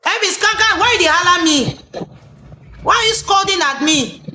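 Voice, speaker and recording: A woman's voice: extremely high pitch, lively intonation, normal speed, pushed and bright, echoey room, a little hiss or hum. A woman with a Nigerian accent hosting a live stream, flustered and pleading as she switches between English and pidgin.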